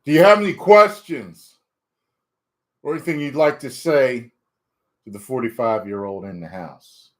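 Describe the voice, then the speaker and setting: A man in his forties hosting a casual livestream, chatting playfully with his viewers. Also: mid-range voice. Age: 40s. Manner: slow, playful, talks to chat. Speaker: livestream host.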